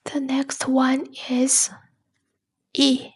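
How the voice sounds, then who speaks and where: A woman giving a whispered ASMR lesson, speaking softly and breathily and repeating words slowly. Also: sits high, completely flat delivery. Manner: slow, soft and breathy, with many repeated words. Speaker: ASMR Spanish teacher.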